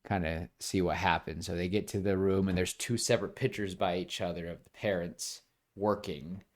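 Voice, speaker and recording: A man co-hosting a podcast, chatting casually as he pitches a film idea and acts out bits of dialogue along the way. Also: steady tone, moderate pace. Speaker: podcast co-host. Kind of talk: casual pitch-meeting chat.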